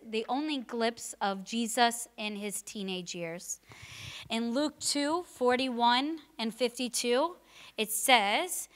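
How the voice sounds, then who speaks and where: A woman delivers a sermon, reading scripture and then drifting into stories of her own kids. Her voice is bright and sits a little high. She talks in a casual, conversational way and keeps asking rhetorical questions. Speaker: preacher.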